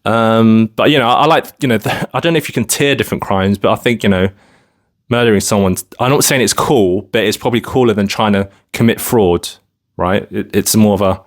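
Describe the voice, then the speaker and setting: Man, from London, casual vlog talk, rambling, lots of fillers, lowish voice. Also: fairly quick. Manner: rambling, heavy with filler phrases. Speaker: vlogger.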